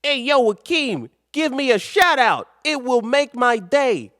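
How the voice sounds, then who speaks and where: A brash young guy with a squeaky cartoon-cat voice, put on by a man, high and nasal. He stretches his words out in a lively, bouncing sing-song. The sound is close and dry. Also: unhurried, no room sound, full character voice. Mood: goofy.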